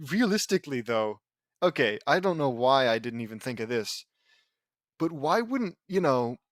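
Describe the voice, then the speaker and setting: A man's voice: medium pitch, very animated, measured pace, pauses often, dry recording, clean studio sound. A man reading fan fiction aloud and breaking off into sarcastic, mocking commentary. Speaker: audiobook reader and commentator.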